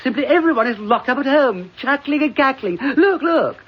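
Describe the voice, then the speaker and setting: A man's voice: very high-pitched, animated, moderate pace, voice pushed up. A man putting on a gushing, plummy colleague. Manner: gushing, breathless delight. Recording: dull lo-fi recording.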